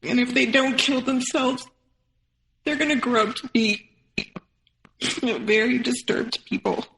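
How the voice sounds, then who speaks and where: On a podcast, a guest in her thirties relates her own experience with feeling, playing out others' remarks in fast succession. Her voice leans high and a little bright, captured in a rough recording with an echoey room.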